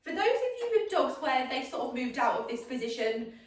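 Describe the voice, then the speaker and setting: A woman's voice: sits high, very animated, fairly quick. A woman, a dog trainer giving an upbeat demonstration, often checking in with "okay?". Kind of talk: instructional demonstration. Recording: echoey, mic far off.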